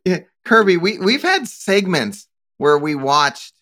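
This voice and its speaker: A co-host chatting casually on a show, playful and quick to tease. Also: mid-range voice, very animated, sharp tone. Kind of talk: casual banter.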